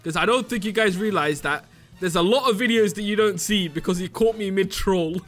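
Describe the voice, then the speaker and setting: A high-pitched young man narrates his game pranks in a giggly, mischievous way. Faint music plays underneath his voice. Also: fairly quick. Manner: giggly, mischievous, laughs often. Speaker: Minecraft YouTuber. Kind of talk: casual gameplay commentary.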